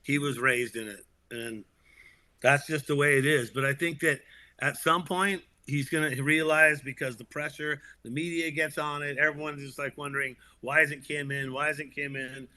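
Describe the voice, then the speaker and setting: Bright-voiced man talking sports. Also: a little high, moderate pace. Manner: animated, laughs often, restarts. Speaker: podcast co-host. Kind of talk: casual sports chat.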